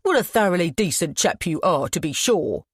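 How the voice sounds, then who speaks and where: Woman voicing a leering male gang boss, taunting and louder than her narration. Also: mid-range voice, normal speed, dry recording, studio quality, pitched above the performer's own voice, natural voice. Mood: mocking. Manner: sneering, taunting slang. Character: menacing leering male crime boss, mocking.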